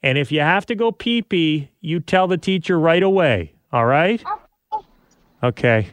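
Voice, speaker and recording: A man's voice: fairly high pitch, animated, normal speed, dry recording. A man in his thirties hosting a casual podcast as a father, tender and often laughing, a little choked up.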